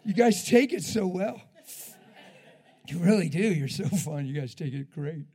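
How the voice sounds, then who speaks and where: A man preaching a sermon in an animated way, laughing often and swinging between loud, drawn-out lines and hushed ones. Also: fairly high pitch, breathy edge.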